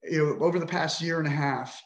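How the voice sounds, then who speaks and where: A man's voice: fairly high pitch, fairly even intonation, a little fast, reverberant. A middle-aged man telling his own story on a podcast, emotional, frustrated and indignant, with frequent swearing. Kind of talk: emotional personal account.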